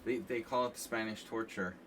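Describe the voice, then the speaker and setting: A man casually commenting on chess games during a live stream, rambling and animated with lots of filler words. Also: fairly low pitch, a little fast. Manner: rambling and animated, frequent "like" and "you know". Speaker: chess coach streaming a lesson. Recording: distant mic with faint background hiss.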